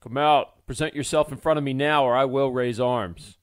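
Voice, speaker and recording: A man's voice: medium pitch, normal speed, a little mellow, no echo, studio quality, close to an everyday voice. A man doing a stern commanding blacksmith. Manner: commanding, threatening. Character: stern powdered-wigged male master blacksmith.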